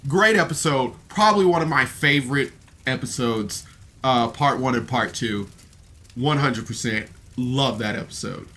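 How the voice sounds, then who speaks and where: A man's voice: mid-range voice, moderate pace, pushed and bright. A man giving a casual, rambling review of a podcast episode on camera, emotional and full of fillers. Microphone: camera mic, seated on camera.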